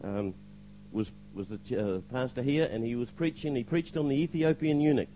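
A man's voice: medium pitch, moderate pace, warm tone, muffled recording, a little hiss or hum. An older man giving a spoken testimony to a church congregation, hesitant with fillers, now and then acting out the lines he quotes.

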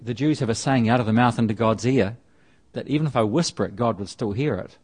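In a medium-pitched voice that is a little mellow and slightly rough, a fast-talking man preaches a sermon. His style is conversational, marked by frequent restarts and repeated phrases as he reads and unpacks scripture.

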